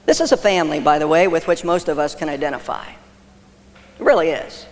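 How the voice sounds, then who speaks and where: A man preaching a sermon as pastor, emphatic, with pauses for effect. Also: a little high, expressive, long reverb tail.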